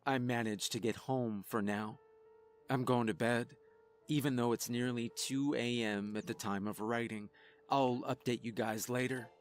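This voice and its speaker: Male horror narrator, slow and ominous, measured scripted delivery, faint music underneath. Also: mid-range voice, fairly even intonation.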